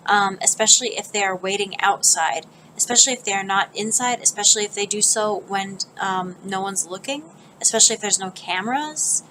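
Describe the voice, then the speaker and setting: A woman with a General American accent tells a casual vlog story at a middle pitch. She rambles and restarts, filling gaps with ums. A faint noise sits under her voice. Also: a bit bright, low-quality recording. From northern United States, near Canada. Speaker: vlogger.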